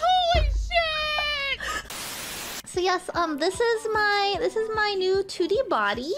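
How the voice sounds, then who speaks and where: A woman streaming live, chattering excitably, swearing and breaking into shouts. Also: very high voice, normal speed.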